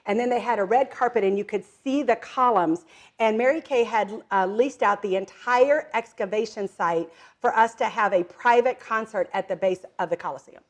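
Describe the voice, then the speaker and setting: Her voice sits a little high and her pace is moderate. She's a middle-aged woman appearing as a guest entrepreneur in direct selling, casually interviewed, and she animates her anecdotes by performing quoted voices, laughing a lot, and filling gaps with "um" and "like."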